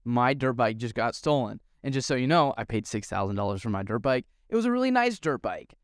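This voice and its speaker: Young guy rambling through a story on his podcast, smooth voice, dry close mic. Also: medium pitch, very animated, brisk, no echo. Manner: chatty, self-deprecating, many ums. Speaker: podcast host. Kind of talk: casual storytelling monologue.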